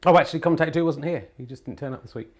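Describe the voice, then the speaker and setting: A middle-aged man with an English accent, hosting a comedy podcast in excitable, hesitant mock snooker commentary. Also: fairly high pitch, racing. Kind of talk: comic mock sports commentary.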